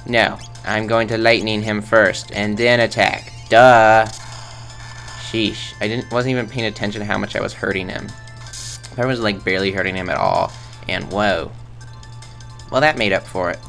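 A man's voice: lowish voice, normal speed, creaky, a bit bright, soft background music. A man rambling through casual game commentary in a goofy, self-mocking way, tossing in silly sound effects. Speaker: let's play host.

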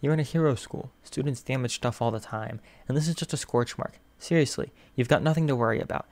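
A man voicing an upbeat, loud male hero teacher who speaks gently and encouragingly in a fan fiction audiobook reading. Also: medium pitch, fast talker, natural voice. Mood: excited. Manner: eager, reassuring, bursts of loud excitement.

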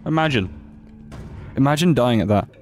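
A man's voice: mid-range voice, moderate pace, music in the background. A young man giving casual, joking commentary while streaming a horror game. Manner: joking, playful, excitable.

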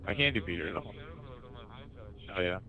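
A man's voice: low-pitched, animated, moderate pace, sharp tone, poor audio. A man chatting casually and rambling between voice impressions, giggling and cutting himself off. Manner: giggly, rambling, self-interrupting. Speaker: amateur impressionist.

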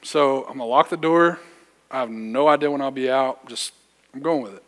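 A man's voice: medium pitch, normal speed. A young man, a youth pastor preaching a sermon, telling a personal story in a casual, slangy way with self-deprecating humor. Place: church sanctuary. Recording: church hall reverb.

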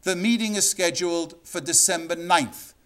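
A man's voice: steady tone, moderate pace, a bit bright. A middle-aged man giving a university history lecture, dramatic, acting out quotes as he goes. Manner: dramatic, acts out quotes with sweeping pitch.

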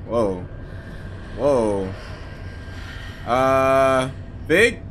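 Jokey young man, lively game commentary. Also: medium pitch, drawn-out words, a little hiss or hum. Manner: jokey, sarcastic, mocks the game characters. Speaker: gaming channel host. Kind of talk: casual gameplay commentary.

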